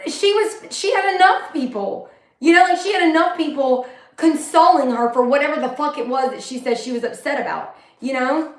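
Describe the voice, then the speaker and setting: High-voiced woman, candid and rambling. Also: brisk. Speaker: vlogger. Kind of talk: personal monologue. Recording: echoey room.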